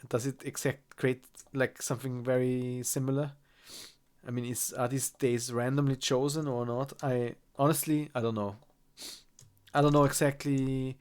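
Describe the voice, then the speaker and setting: Man, nasal from a cold, mid pitch, walks through a software tutorial, halting and thinking aloud. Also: smooth. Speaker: course instructor. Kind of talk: screen-recorded software tutorial.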